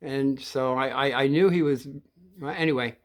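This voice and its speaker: Speaking at a medium pitch, a man in his sixties casually recounts a story from his childhood. He halts and rambles, restarting often and clearing his throat.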